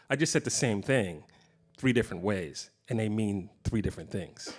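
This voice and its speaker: A middle-aged man giving a casual guitar clinic in a guitar shop, talking in a relaxed, rambling way with many fillers. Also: lowish voice, normal speed, hardly any pauses. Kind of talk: casual teaching talk. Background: guitar playing.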